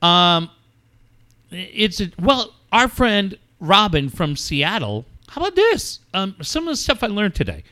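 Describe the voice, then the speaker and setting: A middle-aged male radio host telling a story in an animated, swooping voice that runs high for a man. His tone is bright and sharp as he acts out each phone call with quoted voices. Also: measured pace. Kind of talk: casual storytelling on air.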